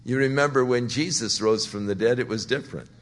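A man's voice: medium pitch, fairly quick. A man preaching a sermon on a Bible passage, talking it through conversationally and building to emphatic points. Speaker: pastor.

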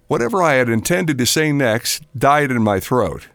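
Animated older male storyteller, gravelly voice. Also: medium pitch, moderate pace, few pauses, no echo, studio quality. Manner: animated storyteller acting out quotes. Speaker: preacher. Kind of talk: narrated devotional storytelling.

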